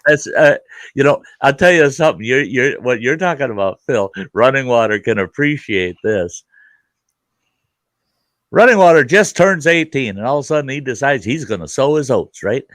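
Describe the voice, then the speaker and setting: In a recording with no room sound, a middle-aged man speaks at normal speed in a mid-range voice. He's hosting a relaxed conversation, swearing freely and performing character voices as he animatedly tells a story.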